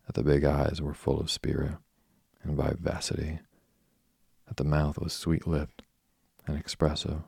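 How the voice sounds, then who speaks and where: Man, sleep story narrator, gravelly voice, dry close sound. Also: extremely low pitch, darkish tone, no echo.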